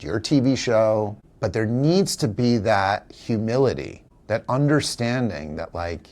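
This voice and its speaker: Man, low-pitched, earnest, reflective, candid interview storytelling. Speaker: actor, interview guest; father and teacher.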